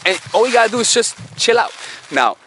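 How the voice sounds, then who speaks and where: A man's voice: high-pitched, big pitch swings, brisk, pushed and bright, a little hiss or hum. A man giving dating advice in a casual monologue, talking in a conversational way with swearing and lots of rhetorical questions. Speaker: dating coach.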